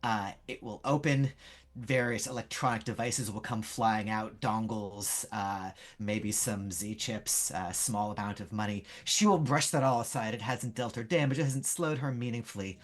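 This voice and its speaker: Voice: mid-range voice, steady tone, normal speed. A game master narrating a tabletop game in a casual, loose way, with fillers and the odd swear word.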